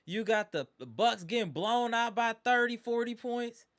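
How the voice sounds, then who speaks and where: A man with a high, bright voice hosts a live fan stream and vents in exasperation. He repeats his points and talks straight to his viewers. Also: lively intonation, moderate pace. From Wisconsin. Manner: exasperated, ranting, repeats himself.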